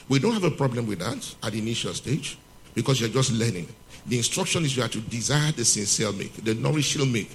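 A man preaching a sermon to a congregation, reading scripture slowly and asking rhetorical questions he answers himself. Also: mid-range voice. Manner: repeats key points for emphasis; reads scripture slowly and emphatically.

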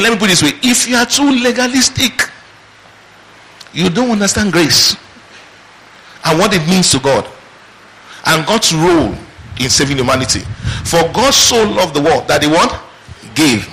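A man's voice: fairly high pitch, pushed and bright, low-quality recording. A man preaching a sermon, asking rhetorical questions and answering them in call-and-response. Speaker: pastor.

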